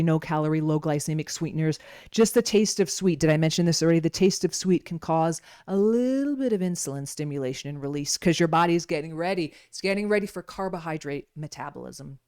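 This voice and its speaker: A woman with a fairly low voice gives an informal nutrition lesson. She talks in a chatty, wandering way and keeps checking in with her listeners. The sound is dry and close, with no room echo. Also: darkish tone. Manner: chatty and digressive, with frequent rhetorical "right?". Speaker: holistic nutrition educator. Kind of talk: informal teaching talk.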